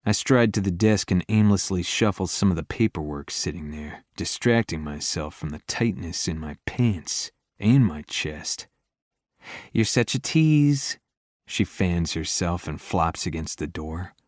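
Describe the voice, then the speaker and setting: Male romance audiobook narrator, very low voice, intimate first-person read, dry booth. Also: a little slow, hardly any pauses, dry recording.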